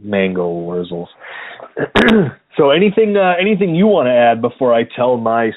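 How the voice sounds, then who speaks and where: A man's voice: fairly high pitch, very animated, normal speed, no room sound. A man co-hosting a podcast in casual chat, easygoing and hesitant, with many filler words. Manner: hesitant, lots of ums, easygoing. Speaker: podcast co-host. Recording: dry, phone-like narrow sound.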